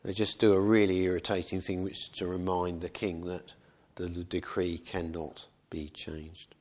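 A man's voice: low voice, level tone, normal speed, darkish tone. A man preaching a sermon in a conversational way, often asking rhetorical questions.

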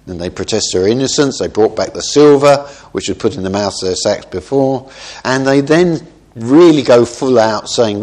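A man's voice: medium pitch, animated, moderate pace, darkish tone. Man teaching a sermon in a chatty way. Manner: conversational, frequent "isn't it?" tag questions; thoughtful with small self-corrections. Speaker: preacher. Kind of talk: expository Bible teaching.

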